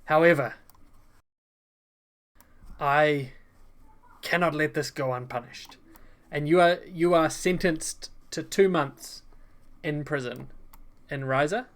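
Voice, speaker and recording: A stern, disappointed king passing judgment, as a man puts him on, in a fairly high, plain voice with halting pauses. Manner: plain, halting delivery with fillers.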